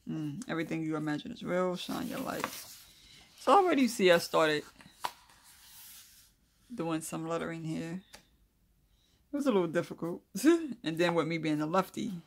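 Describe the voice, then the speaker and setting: An adult craft video host with a medium-pitched, creaky voice gives a casual calligraphy tutorial at normal speed, pausing often. They read notes aloud, then chat loosely while demonstrating, mumbling asides as they draw.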